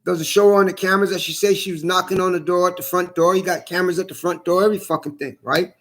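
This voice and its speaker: A middle-aged man with a strikingly high, bright and forceful voice delivers a blunt, profane rant. He talks bluntly and keeps circling back to the same points. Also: fairly even intonation, fast talker. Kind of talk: ranting monologue.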